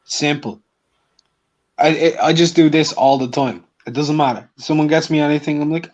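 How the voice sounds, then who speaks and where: A man co-hosting a casual boxing livestream, blunt and quick to correct the others. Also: on the high side, fairly even intonation, a little mellow. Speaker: boxing show co-host. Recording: dull lo-fi audio.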